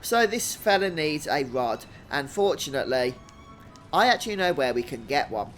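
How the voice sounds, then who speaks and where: A man hosting a video game walkthrough in a relaxed, chatty way, thinking out loud as he plays. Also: mid-range voice, normal speed, soft background music. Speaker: gaming channel host.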